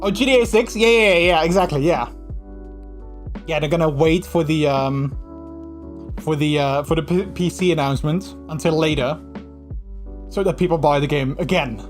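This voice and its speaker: A man's voice: a little high, normal speed, long pauses, faint music behind. A man from the Netherlands with a Dutch accent, chatting casually with viewers on a livestream. He rambles with lots of fillers and restarts. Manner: slips into mocking put-on voices when quoting.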